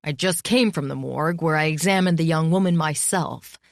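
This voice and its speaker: A woman's voice: sits low, moderate pace, creaky, no echo, clean studio sound. A woman voicing a haughty, dismissive male investigator with a cold manner.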